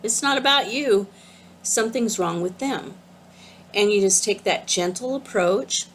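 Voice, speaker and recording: A woman spiritual teacher giving an earnest, gentle, casual talk about an oracle card. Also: mid-range voice, a little slow, slight background noise.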